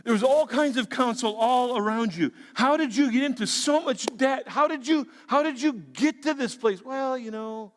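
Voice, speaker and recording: A man preaching a sermon as a pastor, animated, acting out quoted voices and asides. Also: very high-pitched, moderate pace, few pauses. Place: large church auditorium. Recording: long reverb of a large church hall.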